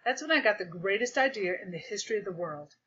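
A woman reading a children's book aloud in an animated, expressive way, in a dull lo-fi recording. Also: mid-range voice, quick pace, breathy edge. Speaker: storyteller.

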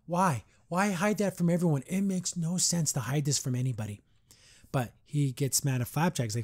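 A man hosting a podcast, recapping a cartoon episode in a rambling, animated way with mocking asides. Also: on the high side, normal speed, no echo, studio quality. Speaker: podcast host.

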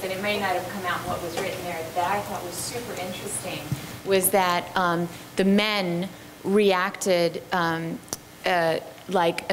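A woman's voice: fairly low pitch, a little hiss or hum, low-quality recording. A woman explaining a research point in a workshop, hesitant and full of fillers. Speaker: article author in a workshop. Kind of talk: casual explanation.

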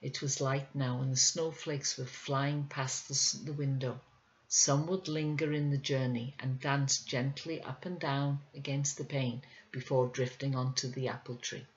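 Low, slow-reading woman. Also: fairly even intonation, muffled recording. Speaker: audiobook reader. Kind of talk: scripted narration.

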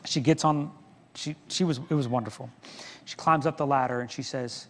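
A man's voice: mid-range voice, moderate pace, a bit bright, in a large hall. A middle-aged man preaching a sermon as pastor, telling a story with self-deprecating humor. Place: church sanctuary.

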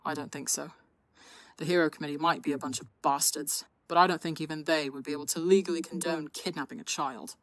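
Woman doing a shaken, rough-voiced young man. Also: low voice, steady tone, brisk, dry recording. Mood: worried. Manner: rough, strained voice. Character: shaken young man, anxious older brother.

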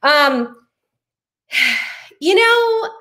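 A high-pitched woman in her late thirties chats through a home beauty livestream. She is bubbly and effusive and greets her viewers one by one in an easy, casual flow. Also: very animated, extremely slow, pushed and bright. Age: 30s. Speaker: beauty channel host.

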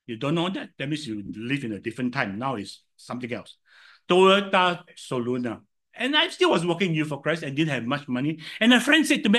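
Older singaporean guy preaching, slightly high voice, pitch all over the place, loud then quiet. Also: a little fast. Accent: Singaporean English. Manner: animated storytelling, swinging from loud to soft. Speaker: pastor. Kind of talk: sermon.

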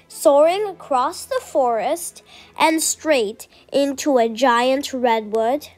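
A woman reading a children's picture book aloud, slow, clear and expressive. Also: high-pitched. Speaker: storyteller.

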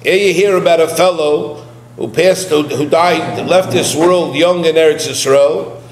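A male rabbi giving a sermon-style lesson, emphatic and full of rhetorical questions, who tells a personal story with animated retelling. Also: a little high, measured pace. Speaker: rabbi teaching a weekly lesson. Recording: roomy with a faint hum.

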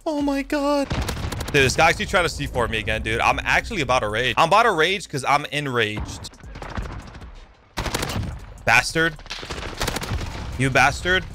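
A young man giving excitable live commentary over his own gameplay, yelping and swearing as the fights heat up. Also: mid-range voice, normal speed, long pauses, background noise. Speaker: gaming YouTuber. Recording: game gunfire loud under the voice.

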